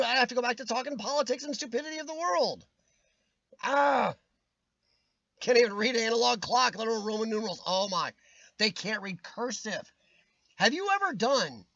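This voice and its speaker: A man from the United States runs a casual live-stream chat, answering viewers' comments by name and ranting forcefully, his voice beginning to fade. It sits high and a bit bright, with no echo and a muffled recording.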